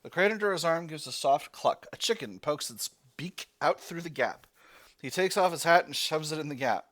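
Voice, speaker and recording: A man with a slightly high voice reads a text adventure game aloud, narrating each scene in turn. He drifts into loose, rambling asides and corrects himself as he goes. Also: lively intonation, moderate pace, a bit bright.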